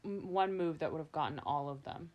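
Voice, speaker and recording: Young woman on a podcast, kinda low voice, laughs a lot, super animated. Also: fairly quick, lo-fi sound. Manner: giggly, animated, slips into voices. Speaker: podcast host. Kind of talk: casual chat.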